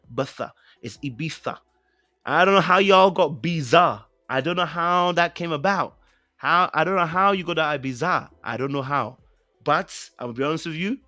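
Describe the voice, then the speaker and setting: A British man hosts a casual live-stream chat, rambling through fillers and repeated phrases and getting playfully insistent. He sits at a mid pitch on a dry, close mic. Faint music plays underneath. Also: bright, forceful tone, no echo. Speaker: podcast host.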